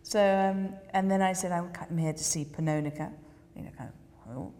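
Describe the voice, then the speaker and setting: Lively English woman telling a story. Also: lowish voice, moderate pace, long reverb tail. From England. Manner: animated storyteller, acts out quoted voices, laughs often. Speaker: documentary filmmaker guest. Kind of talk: casual interview chat.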